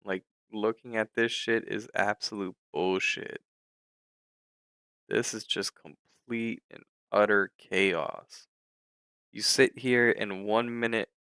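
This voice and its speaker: A young man commenting on his trading during a live stream, frustrated and swearing in drawn-out outbursts. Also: lowish voice, steady tone, bright, forceful tone, clear, resonant tone, dry recording, rough recording. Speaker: livestreaming futures trader.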